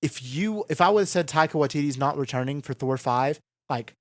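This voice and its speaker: A man with a slightly higher voice co-hosts a podcast in easy, casual chat. He sounds eager and laughs often. The mic is close and dry. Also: dry recording. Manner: chatty, quick to laugh, eager. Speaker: podcast co-host.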